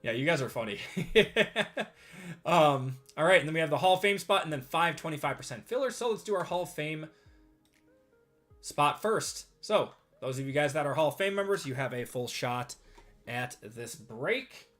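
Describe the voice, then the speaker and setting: Man, live-stream host, chatty, upbeat, slightly strained voice, a bit high, bright and forceful tone, faint music behind. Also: expressive, moderate pace. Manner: upbeat, chatty, reads out buyer names, laughs easily. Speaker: host of a live sports card group break. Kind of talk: casual live-stream chat. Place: at a desk.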